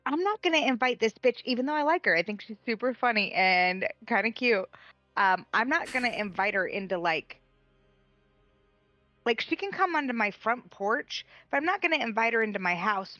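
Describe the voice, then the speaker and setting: A woman playing a tabletop game, chatting in a casual, blunt and animated way. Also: medium pitch, no echo, lo-fi sound. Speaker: player.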